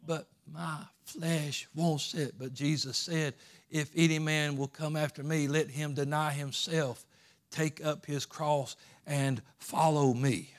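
Preaching man with a lively, rising voice. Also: measured pace. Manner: swings from shouting peaks to low asides, with repetitions. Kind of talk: sermon.

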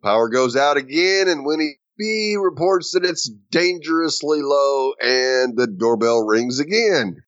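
A man's voice: fairly high pitch, expressive, unhurried, hardly any pauses, a bit bright, no echo, lo-fi sound. A man co-hosting a casual chat, narrating plot points and laughing along. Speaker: podcast co-host.

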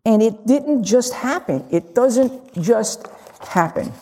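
Older woman, gravelly, in a reverberant hall. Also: on the high side, lively intonation, slow pace, warm tone. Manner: candid, humorous, acts out little dialogues. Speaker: lay Zen teacher. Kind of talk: dharma talk. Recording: long reverb of a large hall.

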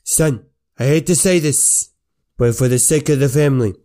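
A stern old crime boss, played by a man as game master in a tabletop game. He speaks in a commanding, fatherly way and keeps checking "right?". The voice is mellow and dark. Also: mid-range voice, moderate pace, natural voice. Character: stern older male crime boss, proud.

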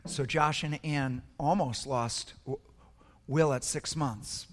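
A man's voice: on the high side, steady tone, slow, a bit bright. An older man preaching a sermon, telling a personal story in an earnest, emotional way with frequent repetitions. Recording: echoey hall.

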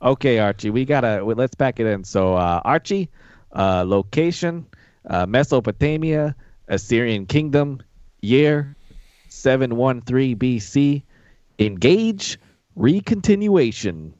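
A man's voice: medium pitch, lively intonation, unhurried, darkish tone, no room sound, lo-fi sound. A man appearing as a guest in scripted comedic radio banter, hesitant and full of fillers but reassuring.

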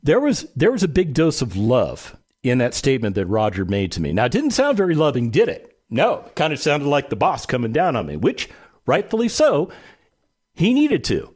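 A man hosting a real estate radio show, telling a story in an animated way and acting out the quotes. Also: mid-range voice, normal speed, husky. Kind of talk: talk radio monologue.

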